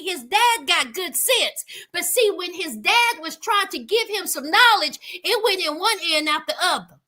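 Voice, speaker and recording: A woman giving sassy, animated commentary on a reality show, talking straight to her viewers. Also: very high voice, normal speed. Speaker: reality TV recap host. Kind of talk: casual recap commentary to viewers.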